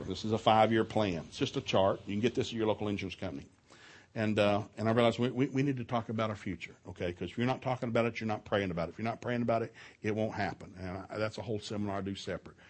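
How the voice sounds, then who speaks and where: A middle-aged man preaching at a marriage seminar, telling loud, animated family stories between scripture readings. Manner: loud and animated, with big jumps in pitch and volume and laughter at his own stories; folksy storytelling mixed with scripture reading. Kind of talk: sermon.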